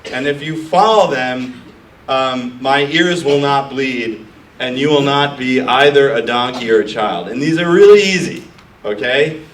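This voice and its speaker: Man, middle-aged, brash and profane, fairly high voice, echoey room, distant mic. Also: a bit bright, slight background noise. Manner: brash, profane, mocking, acts out nervous founders. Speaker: startup accelerator founder coaching founders. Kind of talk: blunt live talk to an audience. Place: room with an audience.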